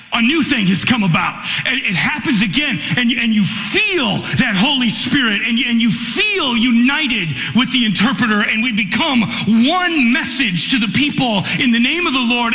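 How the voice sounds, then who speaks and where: Male preacher, high and bright, fervent sermon delivery with shouted climaxes, recorded in a reverberant hall. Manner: impassioned, swinging from quiet to shouting. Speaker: pastor. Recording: echoey hall.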